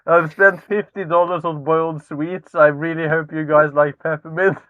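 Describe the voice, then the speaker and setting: A man's voice: fairly high pitch, flat delivery, normal speed, no room sound. A man playing a tabletop horror game, chatting and easily amused. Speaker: player. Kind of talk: casual tabletop chat. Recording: dry, dull lo-fi mic.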